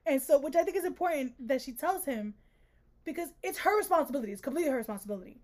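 A woman co-hosting a casual book-discussion podcast, animated and laughing as she acts out quotes from the book. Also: high voice, fast talker. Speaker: podcast co-host.

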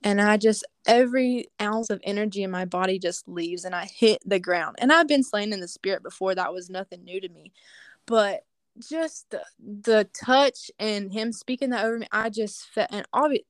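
Woman guest, earnest storyteller, chatty fillers, medium pitch, dry close recording. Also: moderate pace, dry recording. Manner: earnest and animated, with casual fillers. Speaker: guest sharing a testimony. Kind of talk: personal storytelling in conversation.

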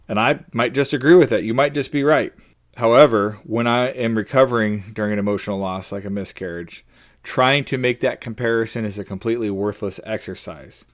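Earnest man hosting a faith podcast. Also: mid-range voice. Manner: earnest and personal, openly emotional. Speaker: podcast host. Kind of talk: faith-based podcast monologue.

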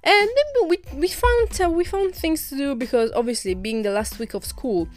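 A woman's voice: sits high, animated, moderate pace, faint music behind. A young woman from Italy hosting her own podcast, chatting casually in a rambling way with many restarts and little laughs. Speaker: podcast host. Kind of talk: casual solo podcast chat.

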